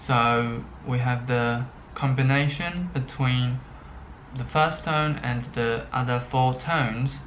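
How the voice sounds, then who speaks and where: Very slow, halting male teacher. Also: medium pitch, a bit bright, a little hiss or hum, low-quality recording. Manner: slow and halting, with many pauses and fillers; checks in often with "okay". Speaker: Chinese language teacher. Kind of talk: unscripted language lesson.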